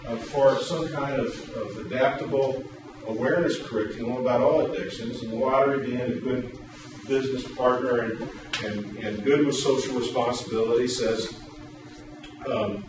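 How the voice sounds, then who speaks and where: A man's voice: mid-range voice, moderate pace. Man presenting in an echoey hall. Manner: animated storyteller, loud acted quotes. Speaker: workshop presenter. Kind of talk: storytelling then presentation. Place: large echoey room. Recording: echoey hall, distant mic, room noise.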